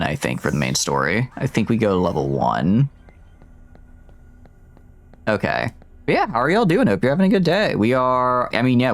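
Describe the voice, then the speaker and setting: A man chatting casually while live-streaming a video game, joking and rambling with a self-mocking manner. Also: on the low side.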